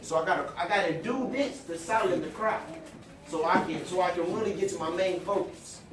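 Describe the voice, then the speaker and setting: A man's voice: high-pitched, fairly quick. A man preaching to a Bible study group, exclamatory and call-and-response. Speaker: pastor leading Bible study. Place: church room with group. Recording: roomy echo, distant mic, background noise.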